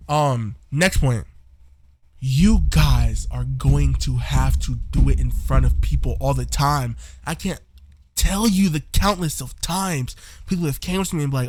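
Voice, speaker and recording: A man's voice: mid-range voice, unhurried, darkish tone, no room sound. A young man casually coaching viewers on voice work, slangy and encouraging, on a close home mic. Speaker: voice tutorial creator. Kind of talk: casual tutorial chat.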